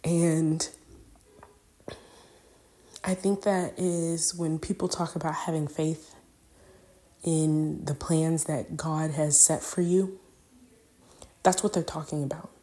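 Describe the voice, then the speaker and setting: Low, mellow-voiced young woman reflecting. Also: fairly even intonation, takes it slowly, long pauses. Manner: rambling, filler-heavy, openly emotional. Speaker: podcast host. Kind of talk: personal reflective monologue.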